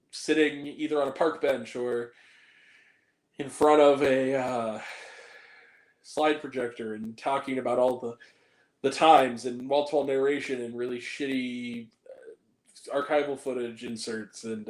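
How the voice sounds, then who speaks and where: A man hosting a casual movie review show, rambling and profane, full of fillers. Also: medium pitch. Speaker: film review show host. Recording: echoey room.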